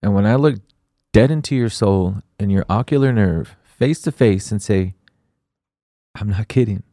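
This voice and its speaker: Low-voiced, laid-back podcast co-host man. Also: moderate pace, dark tone, no echo, clean studio sound. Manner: laid-back, reflective, talks in asides. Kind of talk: casual podcast chat.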